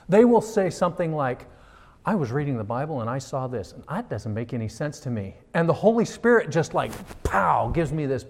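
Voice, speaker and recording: Animated pastor preaching a sermon. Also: male voice, on the high side. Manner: animated, acts out quoted voices and prayers. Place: church.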